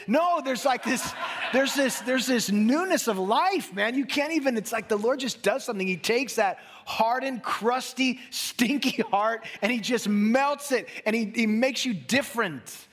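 A male pastor preaching a sermon in an animated way, acting out little dialogues and laughing as he talks. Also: very high voice, normal speed.

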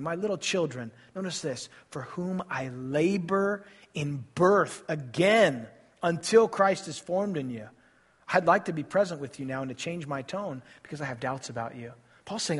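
A fairly high, husky male voice delivering a sermon from the pulpit. He speaks earnestly and puts questions straight to his congregation. His delivery moves between soft, hushed stretches and louder, raised passages. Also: animated, moderate pace. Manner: earnest, addresses listeners directly with questions. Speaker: pastor.

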